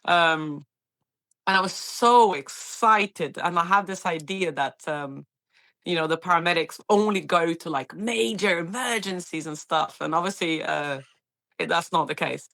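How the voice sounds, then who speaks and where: A woman's voice: lowish voice, moderate pace, gravelly. A woman in her thirties from Brazil, speaking English with a Brazilian accent, chatting as a paramedic guest and acting out the people in her stories. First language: Portuguese. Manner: animated storyteller, acts out quoted voices, laughs often. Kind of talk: casual interview chat.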